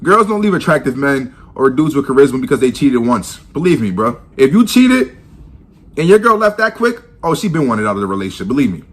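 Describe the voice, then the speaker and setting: A man's voice: medium pitch, sing-song, fast talker, hardly any pauses, fairly bright tone. A man giving casual, slangy advice and calling the listener bro. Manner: slangy, keeps saying bro.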